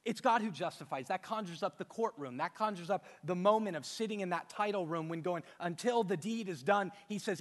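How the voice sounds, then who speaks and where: A man's voice: high-pitched, fairly bright tone, in a large hall. A man preaching a sermon as pastor, emphatic, with rhetorical questions and repeated phrases. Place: church hall with a stage.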